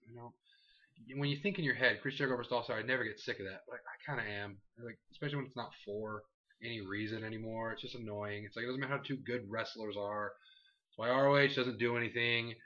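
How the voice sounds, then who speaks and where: A man chats loosely through a wrestling recap, rambling and breaking into goofy impressions of what people said. His voice is bright and forward. The recording sounds dull and lo-fi. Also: medium pitch, steady tone, quick pace. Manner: rambling, acts out quotes in silly voices. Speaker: podcast co-host. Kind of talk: casual wrestling recap chat.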